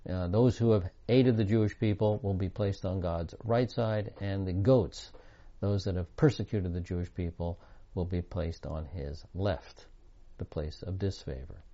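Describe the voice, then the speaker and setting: Low, mellow-voiced man teaching the Bible. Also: muffled recording. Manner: earnest, emphatic scripture reading.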